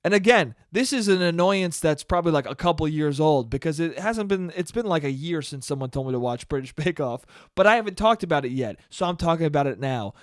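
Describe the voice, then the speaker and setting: A man's voice: on the high side, animated, a little fast, hardly any pauses, dry recording, clean studio sound. An American man hosting a solo podcast, ranting in a sarcastic, profane, exasperated way. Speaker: podcast host. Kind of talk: solo comedic rant.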